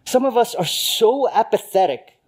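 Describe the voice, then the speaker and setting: Man preaching, loud then hushed. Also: high-pitched, animated, moderate pace. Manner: conversational preaching, swings from loud emphasis to hushed lines. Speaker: pastor. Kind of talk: sermon.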